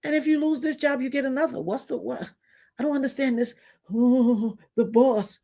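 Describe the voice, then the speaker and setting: A woman hosting a casual livestream, telling blunt, emphatic stories in slangy talk, her voice swinging widely in pitch and loudness as she laughs her way through. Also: fairly even intonation, fast talker, vocal fry. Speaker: livestream host reading viewer comments.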